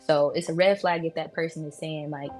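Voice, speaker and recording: A woman's voice: deep voice, steady tone, brisk, a little mellow, soft background music. A woman making her case in a casual debate, assertive and pointed, pressing with questions. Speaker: debate contestant.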